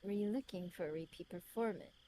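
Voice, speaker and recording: A woman's voice: lowish voice, fairly quick, dark tone, a little hiss or hum, natural voice. A woman reading the lines of a smug, teasing otherworldly young man from a story game aloud, in a put-on British accent.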